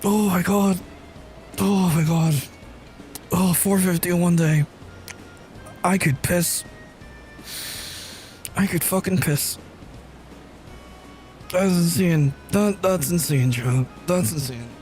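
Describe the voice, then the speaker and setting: A man streaming live, overwhelmed and swearing, holding back from shouting. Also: high voice, slow pace, pauses often, faint music behind. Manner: emotional, swearing, restrained from shouting. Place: room at home.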